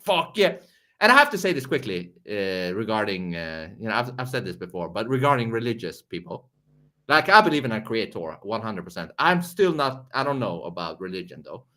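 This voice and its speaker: A man's voice: on the low side, big pitch swings, a little fast, bright, forceful tone. A man with a foreign accent hosting a live reaction stream, rambling and swearing, often restarting his words. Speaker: show host.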